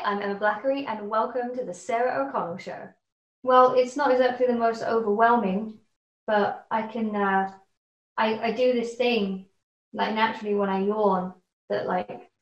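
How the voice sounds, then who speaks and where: A woman's voice: fairly high pitch, normal speed, lo-fi sound. A woman guest chatting and telling an embarrassing anecdote, amused at herself. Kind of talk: casual anecdote. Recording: roomy, distant from the mic.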